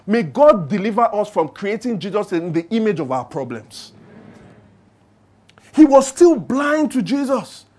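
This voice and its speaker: A man's voice: high voice, big pitch swings, a little slow, darkish tone. A Nigerian man preaching a sermon in church, emphatic, asking the congregation call-and-response questions. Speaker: pastor.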